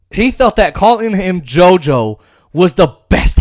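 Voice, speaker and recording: A man's voice: sits high, sing-song, a little slow, a little mellow, no room sound, studio quality. A man hosting casual political commentary, rambling and sarcastic, with frequent restarts and mocking impressions.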